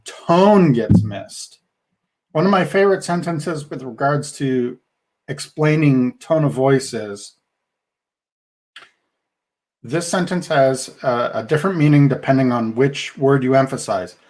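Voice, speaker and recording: A man co-hosting a podcast, talking in a thoughtful, measured way with frequent restarts. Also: medium pitch, darkish tone. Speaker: podcast co-host. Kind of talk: casual podcast discussion.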